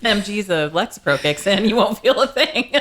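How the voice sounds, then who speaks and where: A woman's voice: medium pitch, lively intonation, moderate pace, fairly bright tone. A woman co-hosting a podcast in casual chat, making dry, sarcastic quips. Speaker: podcast co-host.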